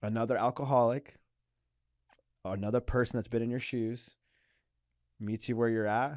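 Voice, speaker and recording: A man's voice: mid-range voice, fairly even intonation, normal speed, dry recording, clean studio sound. A man hosting a podcast, affirming his guest with lots of "mm-hmm"s and "like"s. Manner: warm affirming listener, many "mm-hmm"s and "like"s. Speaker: podcast host. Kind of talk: casual interview chat.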